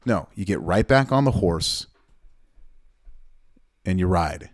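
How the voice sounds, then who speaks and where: A man's voice: sits low, animated, slow, no echo, studio quality. Fired-up blunt male weightlifting coach. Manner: blunt, fired-up, swears and repeats himself. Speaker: weightlifting coach commenting on his training video. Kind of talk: casual video commentary.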